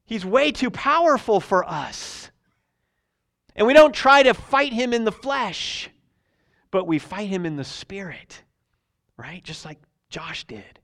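A man preaching a sermon, loud and emphatic on his main points and quiet when he tells personal stories, with frequent laughs. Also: high-pitched, expressive, slow pace. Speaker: pastor.

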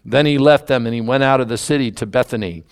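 Bible teacher, man, casual and musing between readings, clear resonant tone. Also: mid-range voice, quick pace. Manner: conversational, musing, admits doubts with a laugh.

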